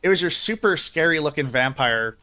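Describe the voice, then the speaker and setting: A man's voice: on the high side, lively intonation, normal speed, sharp tone. A man streaming a game and chatting casually, rambling and self-deprecating, swearing freely. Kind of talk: casual chat.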